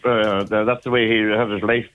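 A man's voice: on the low side, little pitch movement, a little fast. An older man with a Donegal Irish accent, reminiscing casually as a guest and rambling along with plenty of fillers. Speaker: guest remembering his father. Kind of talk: casual storytelling on a radio phone-in. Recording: tinny phone line.

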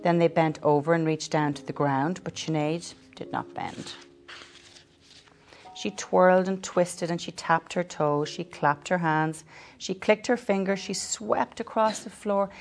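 A woman reading a picture book aloud to a child, in lively, clear storytelling. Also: fairly low pitch, measured pace, faint music behind.

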